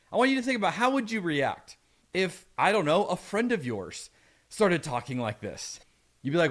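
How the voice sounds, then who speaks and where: A man's voice: on the high side, sing-song, moderate pace, a bit bright. A middle-aged man preaching a conversational sermon, reading scripture aloud and adding playful asides. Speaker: pastor.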